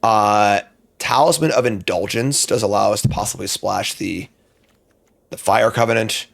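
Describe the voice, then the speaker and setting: A fairly low, gravelly-voiced man streams a card game draft, muttering his way through each pick as he thinks aloud in a casual tone. Every so often, quick flashes of frustration break through.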